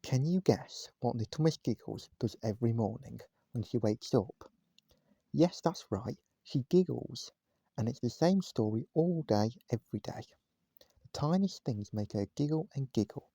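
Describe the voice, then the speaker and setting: A man reading a children's storybook aloud at home, gentle and speaking straight to his listeners. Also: mid-range voice, lively intonation, moderate pace, gravelly, no room sound, clean studio sound. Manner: gentle, addresses listeners directly. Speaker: vlogger reading a bedtime story. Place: at home, indoors, cat on his knee.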